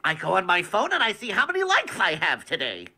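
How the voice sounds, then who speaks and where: A man's voice: high voice, huge pitch swings, fast, pitched above the performer's own voice, exaggerated voice. A man voicing a vain, greedy cartoon duck who brags and craves attention. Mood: boastful. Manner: boastful, self-centered, bursts into shouting.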